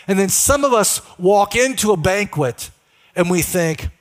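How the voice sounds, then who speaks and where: A man's voice: sits high, lively intonation, a little fast, fairly bright tone. A male pastor preaching a sermon in a conversational way, often putting questions to the congregation.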